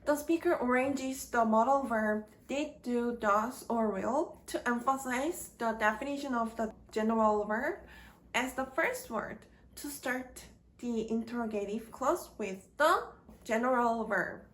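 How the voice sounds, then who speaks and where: A woman giving a scripted grammar lesson, speaking slowly and deliberately in short halting phrases. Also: on the high side. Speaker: grammar teacher. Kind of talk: slow scripted grammar lecture.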